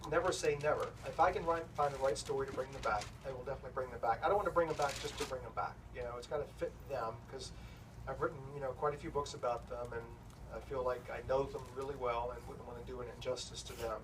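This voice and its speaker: A middle-aged man spins a self-deprecating story for a crowd at a bookstore talk, his voice sitting at an ordinary pitch. He sounds a little far from the mic, with a steady hiss running under the room. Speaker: author speaking at a bookstore event. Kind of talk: anecdote told to a live audience. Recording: distant, noisy room recording.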